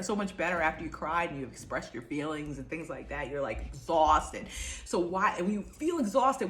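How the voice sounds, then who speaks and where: A woman's voice: on the low side, reverberant. A woman giving a casual, rambling talk to camera as an energy healer, full of fillers and restarts.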